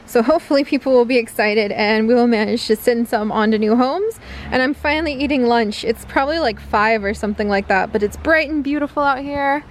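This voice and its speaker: A woman's voice: fairly high pitch, brisk, a little hiss or hum. Bubbly chatty woman vlogger. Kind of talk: casual vlog chat to camera. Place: outdoors at home, then indoors.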